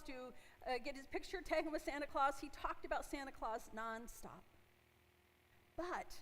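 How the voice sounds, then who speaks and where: A woman in her forties with a high, slightly bright voice preaches a conversational sermon, posing questions to her congregation. She's in a church sanctuary, and the recording carries the long reverb of the hall.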